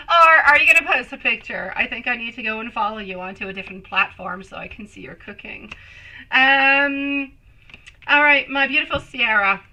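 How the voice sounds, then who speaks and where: A woman's voice: fairly high pitch, lively intonation, normal speed, sharp tone, slight background noise, poor audio. A woman hosting a live-stream tarot reading, chatting with viewers and calling them sweetie and my love. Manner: chatty, reads viewer comments aloud and answers.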